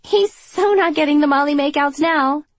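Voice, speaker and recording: A woman reading an audiobook, voicing a chatty, caring teenage girl friend in a higher, brighter voice. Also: normal speed, dry recording, close to an everyday voice. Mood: bubbly concerned. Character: bubbly teen girl friend, warm, chatty.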